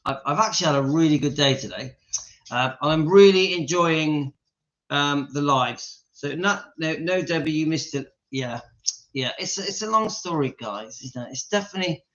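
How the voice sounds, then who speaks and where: A man's voice: a little high, moderate pace, fairly bright tone. A man hosting a casual live stream from home, laughing often and breaking off to talk to his dog. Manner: giggly, keeps breaking into laughter; talks to his dog between remarks. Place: home, indoors. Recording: dull lo-fi sound.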